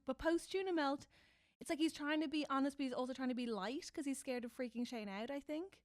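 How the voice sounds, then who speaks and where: A woman with a fairly high voice chats animatedly as a podcast co-host. She fires off quick asides and slips into little acted-out lines, and the sound is close and dry with no room at all. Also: no room sound. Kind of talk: casual chat.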